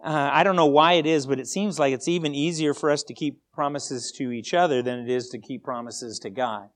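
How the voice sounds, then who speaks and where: A man preaching a sermon as pastor, emphatic and animated, often repeating words as he starts a sentence. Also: medium pitch, fairly quick.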